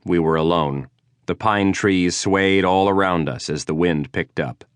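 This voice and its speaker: Deep male narrator, dry understated wry read, close studio mic, no room sound. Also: a little slow, clear, resonant tone, no echo. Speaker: audiobook narrator. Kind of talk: first-person audiobook narration.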